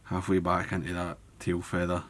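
Low-voiced man. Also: moderate pace. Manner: relaxed, thinking aloud while working with hands. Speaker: fly tying instructor. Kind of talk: step-by-step tutorial narration.

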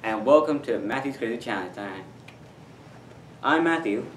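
A man's voice: medium pitch, expressive, moderate pace, slight background noise. A man hosting a casual challenge video, loose and upbeat. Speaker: host. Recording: roomy, camera far off.

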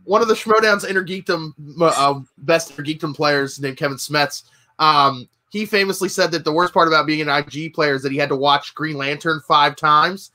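A man's voice: a little high, moderate pace, pushed and bright. A man co-hosting a podcast, joking with the guest and laughing often. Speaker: podcast co-host. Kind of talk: casual interview chat.

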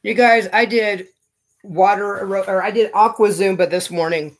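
A man's voice: sits high, steady tone, unhurried. A man chatting casually as he opens fan mail on his knitting vlog, gushing and thinking aloud. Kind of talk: casual unboxing chat.

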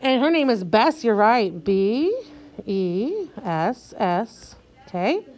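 A high-voiced woman teaching young children to read. She speaks slowly and clearly, stretching out words so the children can follow, with a patient classroom manner. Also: sing-song, darkish tone. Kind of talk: reading lesson for young children.

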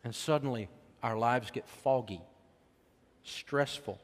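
Middle-aged american guy preaching, folksy, gets loud then goes real soft, mid voice, big hall reverb. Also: medium pitch, slow. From United States. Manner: folksy, emotional, swings between loud preaching and soft hush. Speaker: speaker on faith and money. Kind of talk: sermon-style storytelling talk.

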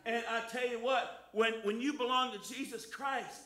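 An older man preaching a fervent sermon in church, breaking into loud hallelujahs and softening when he reads scripture. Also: very high voice, steady tone, moderate pace, roomy sound. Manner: fervent, shouting hallelujahs, drops soft for scripture. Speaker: guest preacher. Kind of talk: lively Easter sermon with scripture reading.

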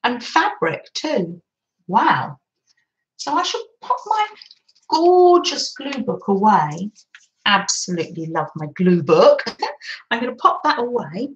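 A woman's voice: mid-range voice, big pitch swings, slow pace, lo-fi sound. A woman chatting through a craft session at her desk, gushing over papers and cooing about how lovely everything is. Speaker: craft vlogger. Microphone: camera on desk.

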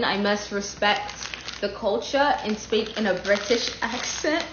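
A woman from the United States in a casual comedic vlog, brash and profane, jumping from loud outbursts to low muttering. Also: normal speed, slight background noise. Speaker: comedy creator. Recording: echoey room, dull lo-fi sound.

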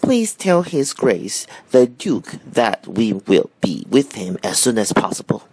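A man voicing a tall, polite, gentle giraffe in a storybook reading, prim and courteous. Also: fairly low pitch, sing-song, unhurried, breathy edge, no echo, voice pushed up, heavily acted.

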